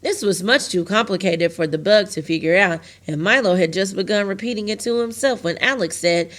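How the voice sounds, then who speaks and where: A woman reading a chapter of a novel aloud to a class, steady and plain, with small slips. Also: mid-range voice, brisk, hardly any pauses.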